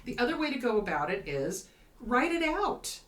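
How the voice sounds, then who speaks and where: A woman host, a therapist, giving advice in casual talk, emphatic and animated, acting out quoted voices. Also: fairly high pitch, moderate pace, slight background noise. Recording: roomy echo, slightly distant from mic.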